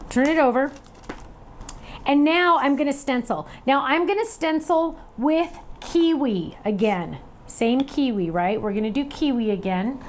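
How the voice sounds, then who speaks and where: A woman's voice: high-pitched, expressive, measured pace, slight background noise. A woman teaching a live online craft class, chatty and upbeat, talking viewers through each step while she works. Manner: laughs at herself, playful sound effects.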